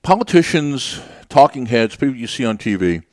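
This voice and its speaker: A man's voice: medium pitch, very animated, moderate pace, darkish tone, no room sound, studio quality. A man hosting a radio show, talking off the cuff in a rambling, conversational way with many fillers and restarts. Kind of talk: unscripted radio monologue.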